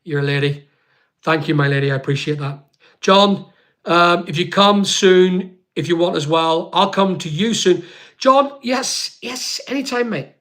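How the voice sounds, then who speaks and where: A man's voice: high-pitched, fairly bright tone. A man with a Northern Irish accent hosting a live stream, chatting casually to viewers and reading out their comments in a rambling way. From Northern Ireland. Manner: chatty, rapid and rambling, calls people mate. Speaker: livestream host. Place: home studio.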